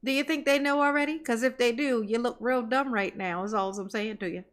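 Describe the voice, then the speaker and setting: A woman's voice: a little high, brisk. A woman streamer giving casual, sarcastic reaction commentary, laughing and mocking as she talks.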